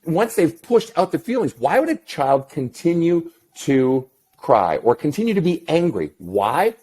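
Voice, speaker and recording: A middle-aged man, a counselor talking as an interview guest, telling a story in a blunt, profane and animated way. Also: on the high side, unhurried, breathy edge. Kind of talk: casual interview chat.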